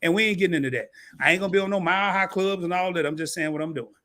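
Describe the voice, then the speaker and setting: A man joining a live stream as a guest, talking in a relaxed, chatty and earnest way. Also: sits high, rapid-fire. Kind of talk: casual live-stream chat.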